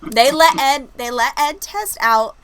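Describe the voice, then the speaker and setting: A woman's voice: high voice, lively intonation, unhurried, crowd noise, rough recording. A woman, hosting a video-call chat and telling stories with a laugh. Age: 30s. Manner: chatty, laughing storyteller. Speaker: host. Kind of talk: casual livestream chat.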